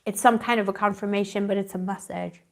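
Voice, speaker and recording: A woman's voice: mid-range voice, steady tone, fast talker, creaky. A woman giving a live tarot reading, rambling and affectionate, calling her viewers pet names and searching dreamily for her words. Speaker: tarot reader.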